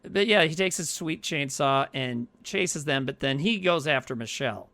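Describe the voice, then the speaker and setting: A man co-hosting a podcast recaps a horror movie in a casual, rambling chat full of swearing. His voice is a little high, expressive, bright and forceful, at a normal speed.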